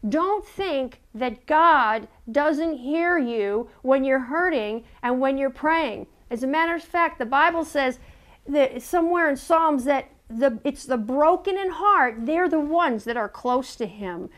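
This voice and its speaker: A woman with a high voice preaches an earnest sermon. She stumbles over repeated words as she builds her point and turns to her listeners with direct questions. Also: animated, measured pace.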